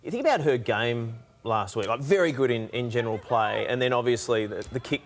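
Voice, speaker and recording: A man leading live rugby coverage in a steady, conversational way. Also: medium pitch, brisk. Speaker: lead commentator. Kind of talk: sports commentary.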